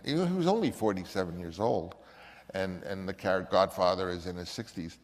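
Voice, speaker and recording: A man's voice: lowish voice, a little fast. Older man telling a story with reverb. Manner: animated, acts out the voices of others. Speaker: filmmaker recounting a story. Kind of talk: anecdotal storytelling.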